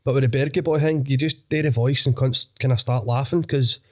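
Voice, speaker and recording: A man's voice: medium pitch, steady tone, brisk, darkish tone. A young man with a Glaswegian accent, a guest comedian chatting casually on a podcast, sweary and rambling, laughing often. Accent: Scottish, Glaswegian.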